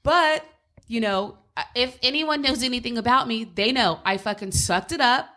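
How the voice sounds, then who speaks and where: A woman's voice: on the high side, normal speed, bright, forceful tone. Blunt, swearing woman telling a story. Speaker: podcast co-host. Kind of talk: casual chat. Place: home.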